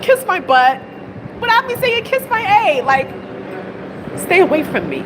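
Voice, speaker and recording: A woman's voice: very high-pitched, big pitch swings, unhurried. A woman vlogging outdoors, upset and venting, with a dry cough and frequent rhetorical questions. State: dry cough, clearing throat. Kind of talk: venting vlog monologue. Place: outdoors on a city street, heading to a train. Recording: street noise behind.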